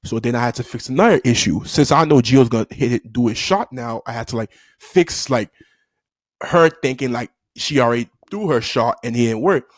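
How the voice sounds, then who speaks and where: A man telling a childhood story to his audience in a loose, animated way, laughing often and jumping into the voices of the people in it. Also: mid-range voice, moderate pace, no room sound, studio quality. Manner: loose and profane, addressing the audience directly. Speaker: storytime vlogger. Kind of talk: casual storytelling.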